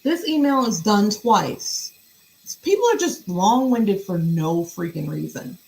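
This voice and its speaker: Woman with a gravelly voice, blunt and profane. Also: mid-range voice, animated, slow, darkish tone, rough recording. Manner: blunt and profane, wondering aloud. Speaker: podcast host reading emails aloud. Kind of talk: casual commentary while reading. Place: home room at a computer.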